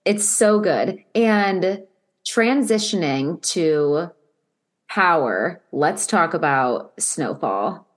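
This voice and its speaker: Woman guest, lowish voice, blunt casual talk. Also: expressive, extremely slow. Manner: blunt, conversational, swearing. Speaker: podcast guest. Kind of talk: casual chat.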